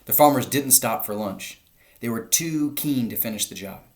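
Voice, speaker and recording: A man, a teacher, reading a children's story aloud to his class, lifting his voice for the shouted lines. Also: mid-range voice, normal speed, slight background noise.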